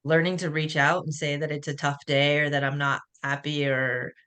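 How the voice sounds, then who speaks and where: A woman's voice: low-pitched, little pitch movement, moderate pace, fairly bright tone, clear, resonant tone. A young woman and new mother, a former athlete, talking candidly and casually as a guest in a video-call webinar. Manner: candid, chatty, self-deprecating.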